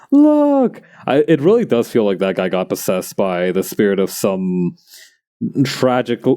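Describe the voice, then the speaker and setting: A man's voice: on the low side, mellow, clear, resonant tone. A man streaming as he makes a plush, rambling and joking and often laughing. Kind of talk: casual chat while crafting.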